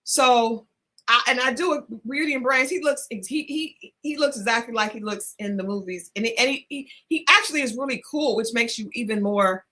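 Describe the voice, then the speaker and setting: A woman co-hosting a talk show, telling a story in a casual, animated way, laughing often and restarting her sentences. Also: a little high, moderate pace. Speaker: podcast co-host.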